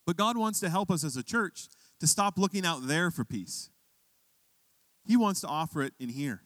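A man's voice: a little high, expressive, normal speed, fairly bright tone, no echo. A man preaching a sermon, telling a personal story conversationally and building to emphatic questions for his church. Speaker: pastor.

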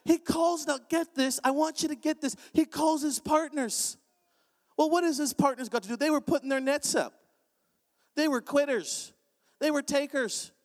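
A man preaching an energetic sermon in a large church, animated and joking with bursts of shouting. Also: very high-pitched, normal speed. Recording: long hall reverb.

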